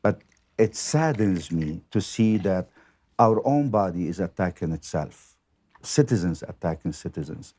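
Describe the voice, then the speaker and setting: A man who is a priest, speaking in a podcast chat in a measured way, with many "uh" fillers. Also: deep voice, expressive, dark tone. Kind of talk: casual chat.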